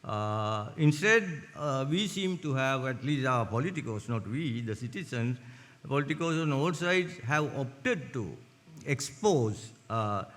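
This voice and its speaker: An older man gives a formal talk in a measured, halting way, pausing often on fillers. His mid-pitched voice carries a long reverb from a large conference hall. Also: animated, fairly bright tone. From Sri Lanka. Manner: deliberate, measured, with frequent hesitant "uh" fillers. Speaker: conference speaker.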